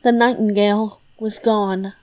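A woman narrating a fairy tale as a storyteller in a measured, deliberate reading. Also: mid-range voice, little pitch movement, dark tone.

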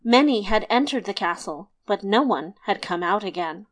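A woman narrating a fairy tale in a lively, expressive storybook reading. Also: mid-range voice, normal speed.

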